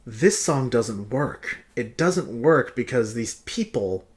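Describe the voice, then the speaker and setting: Sarcastic man with a lively, rising voice. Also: medium pitch, takes it slowly. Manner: sarcastic, exasperated ranting; emphatic repetition. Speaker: video host reviewing song lyrics. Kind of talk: casual vlog commentary.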